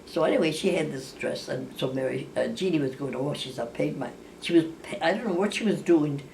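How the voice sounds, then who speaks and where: In a low, slightly mellow voice, an older woman tells family stories at a fairly quick, animated clip during casual talk. Her narration rambles with many restarts and corrections, and she plays the voices of her characters. The recording is distant, with a faint hiss.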